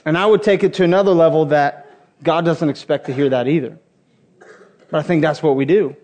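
Talking fairly quickly in a high, darkish voice, a pastor addresses a church congregation. His sermon is conversational, full of humorous personal storytelling.

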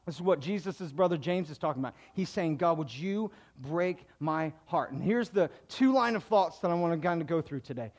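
Middle-aged male pastor, high-pitched, casual sermon with emphatic peaks. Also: animated, a little fast, few pauses, darkish tone. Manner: conversational, self-deprecating, builds to emphatic preaching.

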